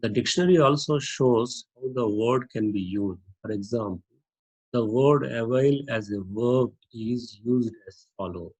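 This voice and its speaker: A man teaching a lesson on using a dictionary, explaining slowly with many repetitions and "uh" fillers. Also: mid-range voice, darkish tone, husky, rough recording. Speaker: English teacher.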